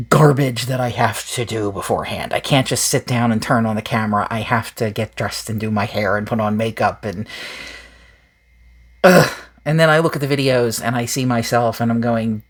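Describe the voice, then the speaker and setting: A woman hosting a paranormal channel, chatting casually and candidly with viewers in a rambling, self-deprecating way. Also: a bass voice. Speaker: paranormal YouTube channel host. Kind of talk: casual direct-to-viewer chat.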